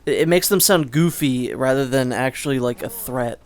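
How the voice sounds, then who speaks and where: A man's voice: medium pitch, normal speed. A man giving casual, rambling gameplay commentary as a let's play host, restarting sentences and swearing now and then. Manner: rambling and chatty, with frequent restarts and sudden swearing.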